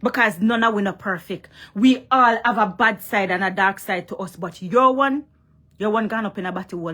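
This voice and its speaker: A woman's voice: medium pitch, normal speed, fairly bright tone. A woman with a Jamaican accent gives a heated, scolding vlog monologue that calls out a rival, mixing Patois and English. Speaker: vlogger.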